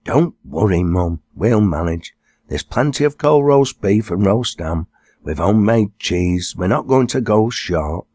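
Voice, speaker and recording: A man's voice: fairly low pitch, animated, a little slow, warm tone, dry recording, clean studio sound. A man voicing a cheerful, reassuring young woman from a farm family, in an audiobook. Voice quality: upbeat, reassuring.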